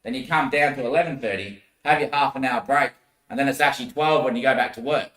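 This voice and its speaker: A man's voice: mid-range voice, fast talker, a bit bright, echoey room. A man rambling through a loose monologue, often laughing and swearing.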